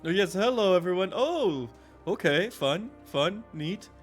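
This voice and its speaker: A man's voice: high voice, expressive, measured pace, soft background music, pitched above the performer's own voice. A man voicing a friendly, polite giant talking whale who greets everyone gushingly. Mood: chirpy. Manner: gushing, chirpy and welcoming.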